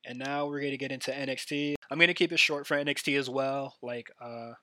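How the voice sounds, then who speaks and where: Bright, dry-voiced man chatting wrestling. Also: mid-range voice, fairly even intonation, fairly quick, no echo. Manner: rambling, filler-heavy, enthusiastic fan talk. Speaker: podcast host. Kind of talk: casual solo wrestling recap.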